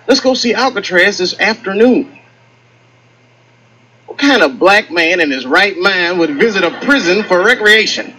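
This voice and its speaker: Animated male stand-up comic. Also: sits high, a little hiss or hum, low-quality recording. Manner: animated storytelling with acted-out quotes. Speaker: stand-up comedian. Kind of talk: stand-up comedy set. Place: comedy stage with live audience.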